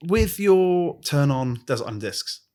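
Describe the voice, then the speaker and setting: A man's voice: on the high side, very animated, unhurried, darkish tone. A man hosting an interview podcast, asking questions in an informal, hesitant way with lots of fillers. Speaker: podcast host. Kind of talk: casual interview chat.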